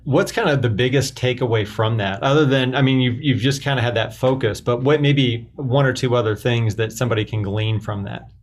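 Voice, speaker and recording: A man's voice: mid-range voice, a little fast, hardly any pauses, slight background noise. Male interview host asking questions. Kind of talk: casual interview.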